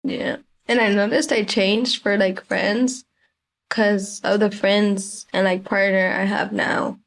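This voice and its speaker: A woman's voice: mid-range voice, level tone, slow pace, creaky. A teenage girl as a guest on a talk show, speaking casually with many fillers like "like" and "damn.". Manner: casual, heavy use of "like" and "damn". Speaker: youth guest. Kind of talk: casual conversation.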